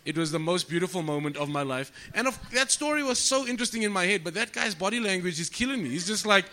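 Comic on a podcast, bright edgy voice, acts out his quotes. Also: high-pitched, fast talker. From South Africa. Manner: animated storyteller, swears freely, acts out quotes. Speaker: comedian guest. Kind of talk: storytelling podcast chat.

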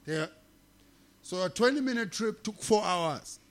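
Man, comic guest storyteller, high-pitched, animated and swearing freely. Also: normal speed. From South Africa. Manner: animated, profane, laughing often. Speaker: comedian guest. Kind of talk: comic storytelling in casual chat.

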